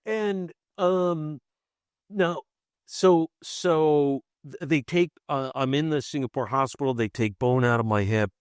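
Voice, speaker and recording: A man, a podcast guest, telling a personal story in conversation, halting and repeating himself as he restarts phrases, and acting out the voices he quotes. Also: on the low side, clean tone, no room sound, studio quality. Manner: animated, acts out quoted voices.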